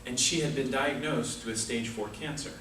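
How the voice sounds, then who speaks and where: At moderate pace and in a mid-range, fairly bright voice, a man gives a prepared humorous speech at a speaking club, a story with comic asides. The echoey meeting room was recorded from far off, with slight background noise.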